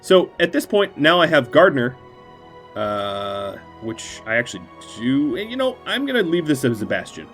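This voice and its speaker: A man's voice: mid-range voice, sing-song, moderate pace, fairly bright tone. A man streaming a strategy game, giving casual, playful gameplay commentary in a gleefully mock-villainous way. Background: faint game music.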